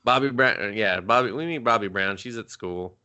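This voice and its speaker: A man's voice: fairly low pitch, normal speed, bright, forceful tone, smooth. A young adult man co-hosting a movie review podcast, recapping scenes in profane, joking banter and slipping into silly voices. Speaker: podcast co-host.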